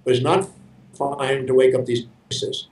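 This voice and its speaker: A man's voice: mid-range voice, fairly even intonation, a little slow, a little mellow. A man from the United States, speaking as an interview guest, tells his life story earnestly and often repeats words as he starts sentences. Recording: roomy sound from a distance.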